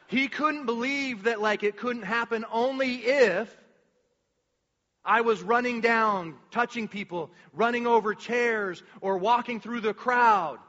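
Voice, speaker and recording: A man preaching a sermon as a pastor, casual and animated, full of slang and restarts. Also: very high-pitched, a little slow, big-room sound, highs cut off.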